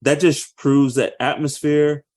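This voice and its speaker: A man in his thirties co-hosting a casual podcast chat, talking in an animated way and bursting into loud acted quotes. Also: a little high, unhurried. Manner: animated, acts out movie quotes with loud outbursts. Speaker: podcast co-host.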